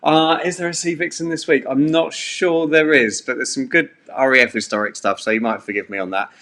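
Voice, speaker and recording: A man runs a live-streamed pub quiz from a bedroom at home. His voice sits at an ordinary middle pitch. He talks in a loose, rambling way with plenty of fillers. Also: fairly even intonation, brisk, bright, forceful tone. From England. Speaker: quiz host.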